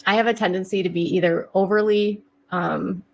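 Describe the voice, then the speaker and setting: A woman's voice: mid-range voice, fairly even intonation, a little fast, vocal fry. A woman creator talking casually to her audience, rambling and self-deprecating with many fillers. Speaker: online content creator. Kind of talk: casual talk to camera.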